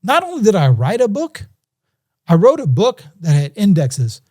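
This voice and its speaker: Mellow-voiced man telling a story. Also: sits high, moderate pace. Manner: animated, acts out quoted voices. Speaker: podcast guest. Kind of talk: casual storytelling.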